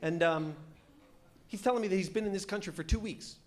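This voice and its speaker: A man's voice: high voice, brisk. A man performing a stand-up routine on a comedy club stage, telling stories and acting out the people in them. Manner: storytelling, animated acting-out of characters. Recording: live club recording with audience noise.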